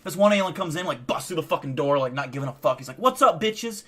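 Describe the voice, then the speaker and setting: Male co-host, fast and fairly high, loose and profane, spins wild hypotheticals. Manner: profane, animated rambling storyteller. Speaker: stream co-host. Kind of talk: casual chat.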